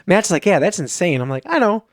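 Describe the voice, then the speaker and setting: A man's voice: sits high, sing-song, fairly quick, dry recording. A man with a Wisconsin accent co-hosting a podcast, rambling through stories and quoting people back and forth. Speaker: podcast co-host. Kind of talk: casual chat.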